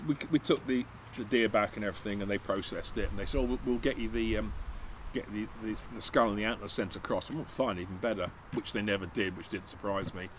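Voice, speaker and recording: A man with a low-leaning voice talks quickly and with few pauses as he casually tells a long hunting story for his channel, meandering, restarting, and performing what others said. The poor audio has a little hiss or hum.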